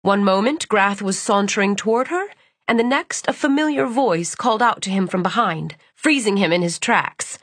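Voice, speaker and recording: A woman reads a novel aloud in a measured, steady storytelling voice. Her tone is husky and slightly breathy. The recording is close and dry. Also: medium pitch, no room sound. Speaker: audiobook narrator. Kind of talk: scripted audiobook narration.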